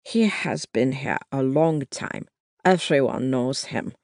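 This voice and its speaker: A narrator voicing a wounded sergeant who speaks English, keeping his voice low and cautious. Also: expressive, slow, gravelly, darkish tone, no room sound, studio quality. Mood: confiding. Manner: cautious, lowered voice. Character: wounded adult male German sergeant, guarded. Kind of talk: audiobook narration.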